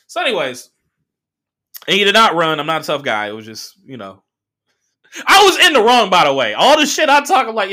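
A man's voice: high voice, big pitch swings, a little fast, pauses often, bright, forceful tone. A man hosting a comedy podcast, telling a story in a casual monologue, laughing and swearing as he acts out quotes.

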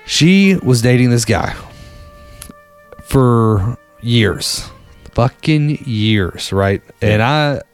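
A man's voice: medium pitch, lively intonation, very slow, smooth, soft background music. A man telling a rambling story in a casual, profane, laid-back way as a podcast host.

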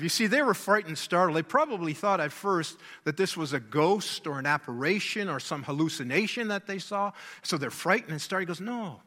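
A man's voice: sits high, expressive, brisk, hardly any pauses, bright, forceful tone, big-room sound. A man preaching a sermon, emphatic, repeating key words and asking rhetorical questions.

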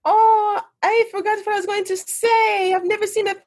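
A woman's voice: extremely high pitch, level tone, normal speed, darkish tone, voice pushed up. Woman putting on a tipsy flirty Swedish lady. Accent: put-on Swedish.

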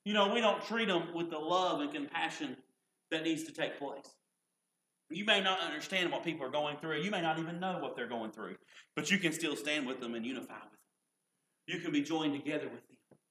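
A man's voice: on the high side, a little fast, bright, forceful tone. A man preaching a folksy sermon as pastor, often asking "can I tell you what". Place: church sanctuary. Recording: echoey church room.

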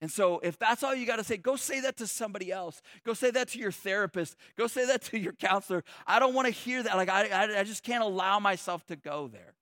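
A man's voice: sits high, a little fast, hardly any pauses, fairly bright tone, no room sound, clean studio sound. A man preaching a sermon in a loose, conversational way, joking and restarting his sentences often. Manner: conversational and humorous, many restarts and "like". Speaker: pastor.

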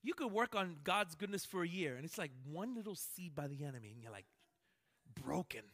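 A man preaching a sermon as pastor, animated, swinging between loud emphatic lines and hushed ones. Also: high-pitched, fast talker.

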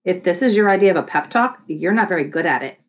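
A woman voicing an indignant, resentful teenage boy in an audiobook, her voice husky and a little exaggerated. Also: fairly low pitch, expressive, fast talker, close to an everyday voice. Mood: glum. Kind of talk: audiobook character voice.

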